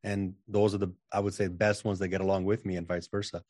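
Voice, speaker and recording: A man's voice: low-pitched, little pitch movement, fast, darkish tone, no echo, clean studio sound. A man talking as a guest in a casual interview, self-assured and emphatic, often repeating words as he starts a sentence. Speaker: podcast guest, channeling coach.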